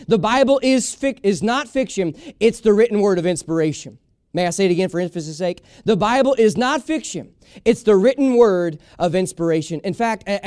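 A man's voice: high-pitched, darkish tone, smooth, no room sound, clean studio sound. A man preaching a sermon as a pastor, emphatic and folksy, repeating his key lines for weight.

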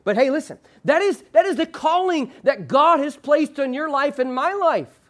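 A male pastor preaching a sermon. He leads the congregation in call-and-response, slows hard on the key phrase, and lets his phrase endings drop low and soft. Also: lively intonation. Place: church sanctuary with a screen behind him.

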